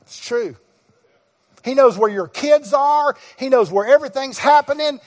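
High-voiced animated preacher in a reverberant hall. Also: male voice, moderate pace. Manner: animated storyteller, acts out dialogue, bursts into shouts. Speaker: guest pastor. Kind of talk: sermon storytelling. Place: church sanctuary. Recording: long reverb of a church hall.

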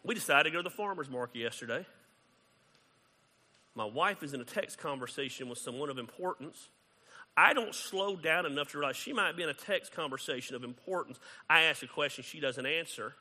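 Bright-voiced pastor preaching in a hall. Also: male voice, on the high side, brisk. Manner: conversational, animated, acts out quoted exchanges. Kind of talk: sermon.

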